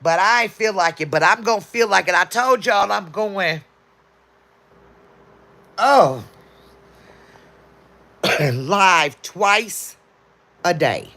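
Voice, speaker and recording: A woman's voice: mid-range voice, expressive, slow pace, pauses often, a bit bright. A woman livestreaming, chatting casually and answering her viewers' comments as they come in.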